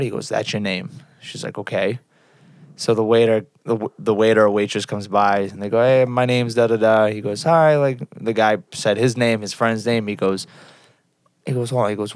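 A man's voice: lowish voice, a little fast, no echo, studio quality. A young man co-hosting a podcast, rambling through crude stories with lots of swearing and laughter. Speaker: podcast co-host. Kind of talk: casual crude chat.

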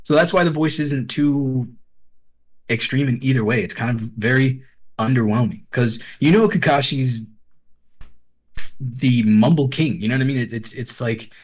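A man's voice: mid-range voice, normal speed. A man casually recapping an episode with a co-host, swearing often, laughing, and acting out characters' lines. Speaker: podcast co-host.

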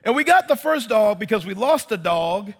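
Animated preacher man in a reverberant hall. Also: sits high, normal speed. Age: 30s. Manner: animated storytelling with quoted voices, addresses congregation as y'all. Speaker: pastor. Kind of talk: sermon. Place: church.

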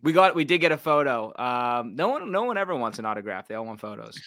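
Male podcast guest, relaxed anecdotal chatter, dry close-miked. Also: medium pitch, quick pace, no echo. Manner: easygoing, laughing anecdotes. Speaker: guest, sports content creator. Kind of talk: casual podcast chat.

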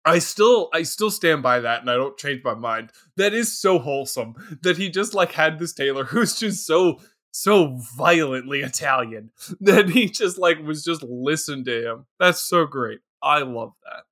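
Man, fairly high bright voice, animated casual podcast chat, excitable. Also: normal speed. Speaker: podcast co-host. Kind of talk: casual movie recap chat.

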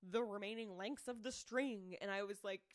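A woman's voice: mid-range voice, normal speed, dry recording, studio quality. A woman co-hosting a podcast, telling a true-crime case in casual chat and acting out quoted people. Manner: chatty storyteller, animated quoted voices, frequent "like" and "um". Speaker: podcast co-host presenting the case.

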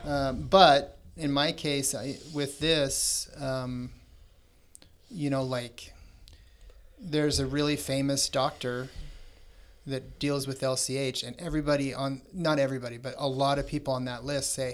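A man's voice: medium pitch, steady tone, a little slow. A middle-aged man, a podcast guest, talking reflectively and hesitantly with many fillers in casual conversation.

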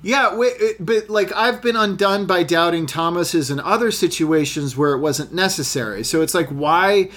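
Man, actor, casual chat, rambling anecdotes, slightly high voice, faint room ambience. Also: normal speed, few pauses, slight background noise. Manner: rambling, restarts, animated storytelling.

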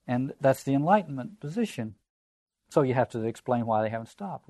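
A man's voice: medium pitch, lively intonation, brisk, vocal fry, darkish tone, dry recording. A man giving a reflective, digressive literature lecture and reading passages aloud. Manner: reflective, digressive, conversational asides.

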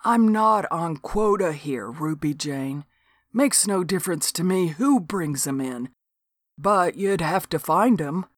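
Woman voicing a gruff lawman, unhurried and low. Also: animated, dry recording, clean studio sound. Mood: matter-of-fact. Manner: slow drawl, matter-of-fact. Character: gruff big Southern lawman, laid-back.

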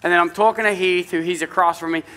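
A pastor with an accent tells a humorous, self-mocking story from the pulpit, chatty and animated. His voice sits high and sounds bright. A long hall reverb trails each phrase. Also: quick pace. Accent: non-native English accent.

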